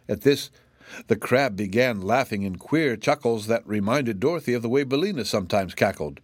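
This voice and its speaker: Man narrating a storybook, steady delivery, dry close sound. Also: mid-range voice, normal speed, no echo. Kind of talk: audiobook reading.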